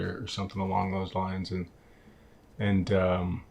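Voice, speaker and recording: A relaxed man with a fairly low voice talks through a movie podcast over a video call. He rambles along with plenty of fillers. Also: normal speed, gravelly. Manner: laid-back, rambling, many fillers. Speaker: podcast co-host. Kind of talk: casual film podcast chat.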